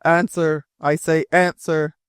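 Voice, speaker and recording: A stern ship captain who demands answers in a tone of command, read by a man in an audiobook. His voice is slightly high and sits in a dry, close recording. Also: steady tone, moderate pace, no room sound, natural voice.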